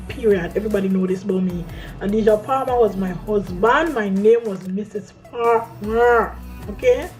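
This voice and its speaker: A woman telling a personal story in a casual, animated vlog, acting out her own quoted lines. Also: a little high, highs cut off. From Caribbean island. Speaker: vlogger.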